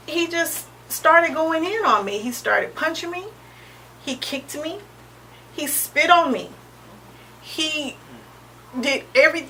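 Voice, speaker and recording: A woman in her thirties, an interview guest sharing a personal testimony in a halting, earnest way, often pausing with "um" and restarting. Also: sits high, sharp tone. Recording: distant mic with faint background noise.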